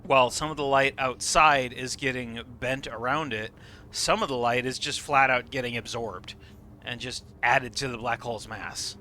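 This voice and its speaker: A man's voice: medium pitch, steady tone, moderate pace, sharp tone, a little hiss or hum. A man streaming a game live, explaining what he sees with enthusiasm and casual swearing. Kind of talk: live gameplay commentary.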